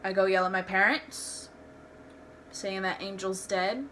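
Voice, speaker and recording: A woman's voice: medium pitch, steady tone, measured pace, a bit bright, a little hiss or hum. A young woman tells personal stories in a candid, rambling home vlog, restarting her sentences often. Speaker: vlogger. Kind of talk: casual storytelling vlog.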